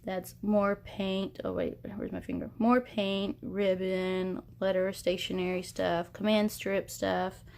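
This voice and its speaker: A woman's voice: medium pitch, little pitch movement, slow pace, vocal fry, few pauses, darkish tone, a little hiss or hum. A woman in her thirties or forties, a sewing vlogger, giving a chatty, rambling tour of her small home sewing room while filming on her phone. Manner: chatty, rambling, self-deprecating. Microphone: phone held at arm's length.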